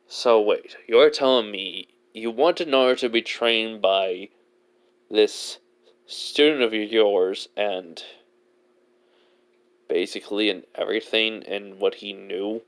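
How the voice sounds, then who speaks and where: A man reading as a businesslike army commander in a fan story, the voice low and clear. The delivery stays plain and casual, dotted with fillers. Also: takes it slowly. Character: male military commander, businesslike.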